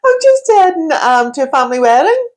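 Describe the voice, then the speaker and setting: A woman playing a flustered driver stuck with a broken-down car. She talks in a polite, hurried rush, in a fairly high and lively voice.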